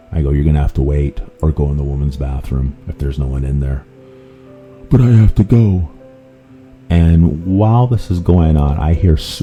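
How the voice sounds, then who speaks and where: A man hosting a podcast, telling true-crime stories in a rambling, animated way and correcting himself as he goes. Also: a bass voice, gravelly. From Canada. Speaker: podcast host. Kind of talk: casual true-crime storytelling. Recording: faint guitar music underneath.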